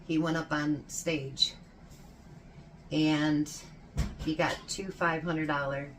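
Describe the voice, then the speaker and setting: Low-voiced chatty woman baking at home. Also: flat delivery, slow, background noise. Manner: chatty storytelling, laughs often. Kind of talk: casual chat while baking.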